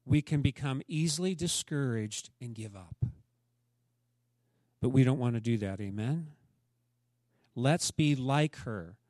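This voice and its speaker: A man preaching a sermon as a pastor, dramatically acting out the people in the story and swinging from loud urging to hushed, near-whispered lines. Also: medium pitch, lively intonation, a little slow, long pauses, no echo, studio quality. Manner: dramatic, acts out voices of the story.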